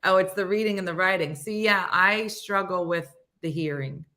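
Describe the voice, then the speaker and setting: A woman's voice: fairly low pitch, moderate pace, pushed and bright. A woman in her sixties hosting a casual morning show, chatting and reading out viewer comments with self-mocking humor. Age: 60s. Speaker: show host.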